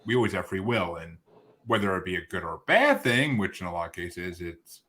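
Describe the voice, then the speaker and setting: A man's voice: deep voice, big pitch swings, fairly quick, fairly bright tone. A man hosting a podcast interview, talking casually in rambling, self-interrupting runs with sarcastic asides. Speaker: podcast host.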